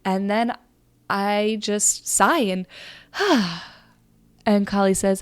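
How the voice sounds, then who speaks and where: A woman's voice: medium pitch, drawn-out words, smooth, no room sound. A young woman hosting a podcast, telling a personal story in a rambling, earnest way, full of fillers. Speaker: podcast host. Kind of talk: casual storytelling monologue.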